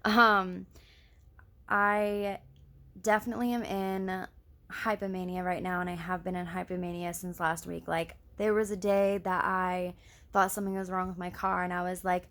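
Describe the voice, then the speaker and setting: Young woman vlogging w a lisp, gravelly fry, rambly and sweary, bright tense tone. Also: lowish voice, little pitch movement, normal speed. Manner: rambling, scattered, swears freely. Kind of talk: casual personal vlog.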